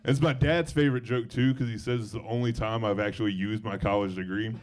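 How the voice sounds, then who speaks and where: A man's voice: lowish voice, steady tone, a little fast, a crowd in the background. A young man from Alabama with a Southern accent doing a stand-up set on a club stage, talking in a loose, self-deprecating way with dry asides. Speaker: stand-up comedian.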